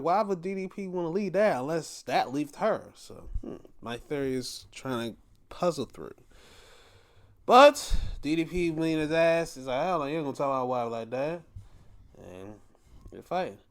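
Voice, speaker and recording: A man's voice: a little high, very animated, normal speed. A young man hosting a podcast, giving a profane, exasperated rant in casual commentary. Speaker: podcast host.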